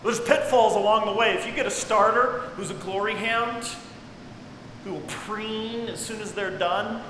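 High-voiced preacher in an echoey hall. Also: male voice, fairly even intonation, a little slow. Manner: dramatic swings between shouting and hushed tones. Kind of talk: sermon. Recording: echoey hall with faint noise.

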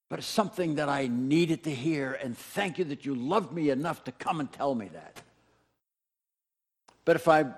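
Guy preaching a sermon, chatty, talks right at the congregation, voice sits high. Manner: conversational, speaks straight to the congregation with repetition. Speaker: pastor.

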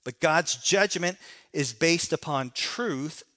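Bright-voiced man preaching with emphasis. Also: a little high, slow. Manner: emphatic, swings between raised and hushed delivery. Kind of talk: sermon.

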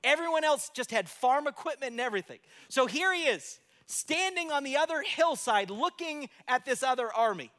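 A man's voice: extremely high pitch, bright, forceful tone, long reverb tail. A man preaching a sermon as pastor, telling the story conversationally and asking rhetorical questions.

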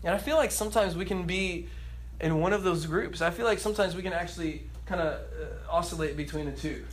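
A man with a high voice preaches a sermon with real animation. He acts out the characters in the story, jokes with the congregation and laughs along, and there is a faint room hum behind him. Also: quick pace.

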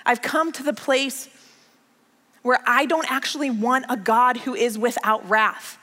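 Bright-voiced woman pastor preaching. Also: on the high side, fairly even intonation, a little slow, in a large hall. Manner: storytelling, emphatic repetition. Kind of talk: conversational sermon.

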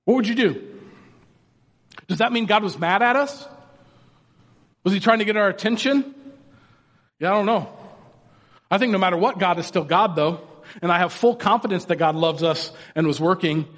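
A man's voice: high-pitched, moderate pace, pauses often, fairly bright tone. A man, a pastor, giving a casual, joking sermon and acting out people's reactions. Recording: long hall reverb.

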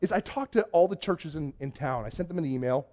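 Male pastor, slightly high voice, excitable storyteller in church. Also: fairly quick. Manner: chatty storytelling, excitable, many restarts. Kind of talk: conversational sermon. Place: church before a congregation.

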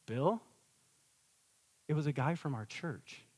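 A middle-aged man preaching a sermon as a pastor, swinging from loud emphatic peaks to a quiet storytelling tone. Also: fairly high pitch, expressive, normal speed.

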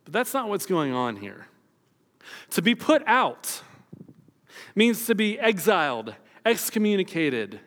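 A man's voice: sits high, sing-song, takes it slowly, pauses often, a bit bright, in a large hall. A man preaching a sermon as pastor, retelling the story and acting out the quoted voices.

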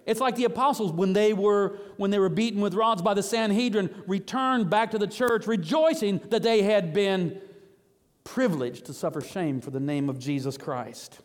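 A man preaching a sermon as pastor, animated and emphatic, with sudden rises in pitch on key words. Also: moderate pace. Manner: animated preaching, rising to high emphatic bursts. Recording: long hall reverb.

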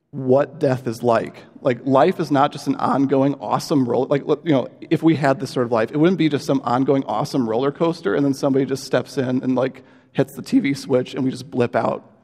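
An American pastor with a mid-range, slightly mellow voice preaches a sermon in an earnest, conversational manner. His speech carries many fillers and restarts, and the recording has a long hall reverb.

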